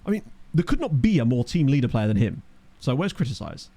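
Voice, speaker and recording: This young man speaks briskly in a warm, mid-range voice with big swings in pitch. He's casually commentating a live stream of a football management game via desk microphone, mixing wry comments with replies to viewers.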